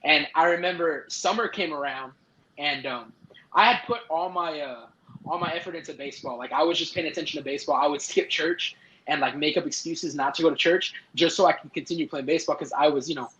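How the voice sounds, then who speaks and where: Young guy telling a story on a podcast, bit high voice, lots of "like", echoey muffled sound. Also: brisk, bright, forceful tone. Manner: rambling, many "like" fillers and restarts. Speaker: podcast guest. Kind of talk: casual storytelling.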